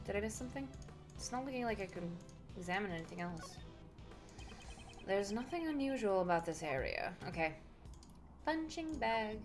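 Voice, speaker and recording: A woman's voice: mid-range voice, lively intonation, moderate pace, long pauses, faint music behind. Giggly woman playing a game. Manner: giggly, exclamatory reactions. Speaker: game player. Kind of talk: casual game commentary.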